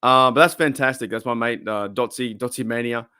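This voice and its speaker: Australian male stream host, rambling chatty delivery, mid pitch, dry close-miked sound. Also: a little fast, clear, resonant tone, no room sound. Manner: rambling, chatty, laughs often, lively swings in pitch. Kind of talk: casual live stream chat.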